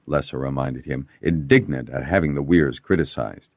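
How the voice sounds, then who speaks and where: A man's voice: moderate pace, no echo, clean studio sound. A man narrating a fantasy audiobook and giving each character a voice of its own. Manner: voices many characters with lively pitch shifts.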